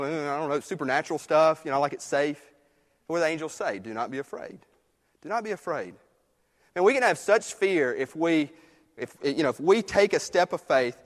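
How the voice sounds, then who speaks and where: A man preaching a sermon in a conversational way, moving between quiet, hushed passages and emphatic ones. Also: fairly high pitch. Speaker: pastor. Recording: long reverb of a church hall.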